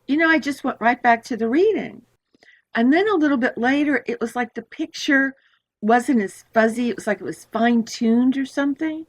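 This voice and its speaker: An older woman, an astrologer, telling stories in an interview in an animated way, often laughing and acting out the voices in her stories. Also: a little high, normal speed. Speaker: astrologer guest. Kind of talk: storytelling in a podcast interview.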